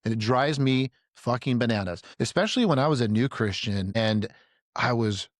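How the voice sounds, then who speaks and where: A man in a casual group conversation, telling stories in an animated way, swearing freely and acting out quotes in a raised voice. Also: medium pitch, normal speed, dry recording, clean studio sound. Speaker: podcast guest.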